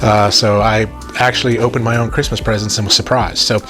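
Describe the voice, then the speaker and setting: A man's voice: lowish voice, flat delivery, fairly quick, over music. Upbeat Southern man chatting on his vlog. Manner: upbeat, chatty and enthusiastic, joking asides. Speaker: toy review channel host. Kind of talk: casual vlog chat to viewers.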